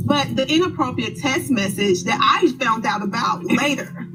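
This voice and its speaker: Woman, husky, high-pitched, animated explainer. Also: normal speed, hardly any pauses, soft background music, poor audio. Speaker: reality show cast member. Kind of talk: reunion storytelling.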